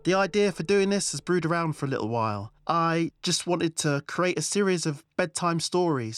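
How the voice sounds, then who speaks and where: A man hosting a story podcast, giving a brisk, friendly introduction to the episode. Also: a little high, no room sound, clean studio sound. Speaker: podcast host and writer.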